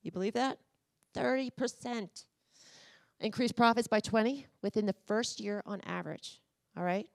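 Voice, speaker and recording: In a conference room, a female motivational speaker walks the audience through voice exercises, speaking to them directly. Her voice sits on the high side and sounds creaky, her pace moderate, her manner energetic and coaxing.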